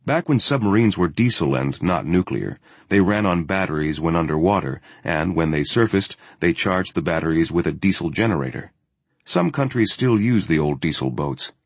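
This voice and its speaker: A man reading a first-person journal story in a steady, matter-of-fact way. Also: deep voice, normal speed, slightly rough, dry recording. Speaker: audiobook narrator.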